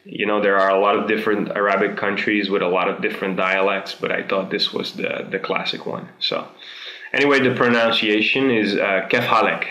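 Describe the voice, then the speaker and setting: A young man with a Dutch accent talks his way through a casual language tutorial, pausing often. His voice sits low and gravelly but comes out bright. The sound has a roomy echo around it. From Netherlands. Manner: chatty, relaxed, many "uh" pauses. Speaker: video host.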